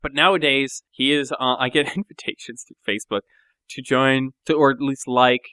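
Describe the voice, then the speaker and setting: A man's voice: medium pitch, fairly even intonation, normal speed, pushed and bright, clean tone, no echo. A young man co-hosting a podcast in casual chat, rambling with restarts. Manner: rambling, many restarts and laughs. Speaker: podcast co-host.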